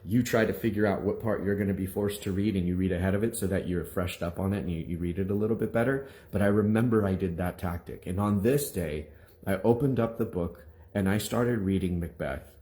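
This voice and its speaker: A man, a minister, giving a personal testimony to his congregation in an animated, rambling storytelling manner full of restarts. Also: sits low, brisk.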